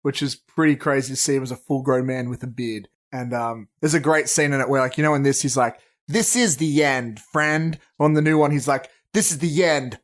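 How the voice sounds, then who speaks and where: A man's voice: medium pitch, flat delivery, fast talker, few pauses. A man co-hosting a movie podcast in casual chat, rambling and swearing freely as he tells stories. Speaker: podcast co-host.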